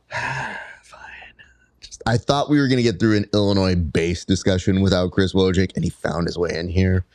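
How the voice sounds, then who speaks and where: A man's voice: low voice, fairly quick, hardly any pauses, darkish tone, dry recording, studio quality. A man hosting a casual interview, joking and telling stories as he asks questions. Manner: playful, joking storyteller. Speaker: podcast host.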